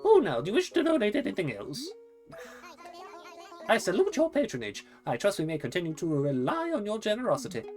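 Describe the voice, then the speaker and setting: A woman's voice: medium pitch, huge pitch swings, fairly quick, a little mellow, faint music behind. A woman voicing a fussy, erudite male owl who runs a museum, with a prim, wordy and polite manner and a hooting catchphrase. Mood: pompous.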